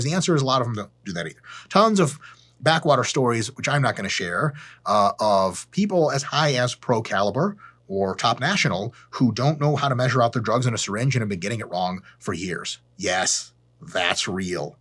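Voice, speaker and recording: Male fitness host, blunt and profane, deadpan jokes, slightly raspy voice. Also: mid-range voice, fairly quick. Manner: sarcastic and blunt, swears freely; deadpan asides. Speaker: fitness educator hosting his channel. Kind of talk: profane, joking educational rant to camera.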